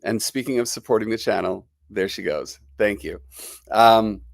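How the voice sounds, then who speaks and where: A man's voice: fairly low pitch, normal speed, creaky, no room sound, clean studio sound. A middle-aged man with a New Jersey accent and a lingering cold, hosting a casual live stream and chatting with viewers. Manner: chatty and rambling, greeting viewers. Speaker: livestream host.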